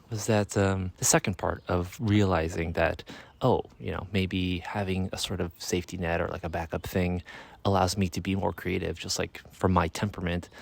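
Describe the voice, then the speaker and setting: A musician vlogger in his thirties chats casually outdoors in a yard on a sunny day, rambling and correcting himself with a wry tone. His voice is low and gravelly.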